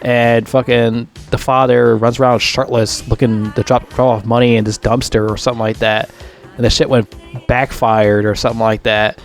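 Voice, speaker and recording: Male movie reviewer, mid pitch, profane rambling rant, soft music underneath. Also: flat delivery, normal speed. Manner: profane, ranting, repetitive.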